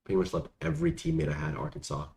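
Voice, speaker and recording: A man's voice: on the high side, lively intonation, racing, creaky, a little mellow. A young man casually answering viewer questions, rambling and slangy with lots of fillers. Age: young adult. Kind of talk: casual Q&A chat. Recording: echoey room, faint background noise.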